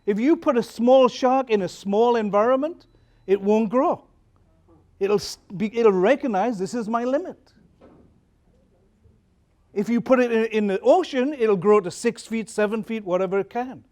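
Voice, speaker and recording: A man with a noticeably high voice gives a talk as a pastor. He tells stories in a loose, conversational way and keeps asking his listeners questions. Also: moderate pace, darkish tone. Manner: conversational, storytelling, asks the audience questions. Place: conference hall.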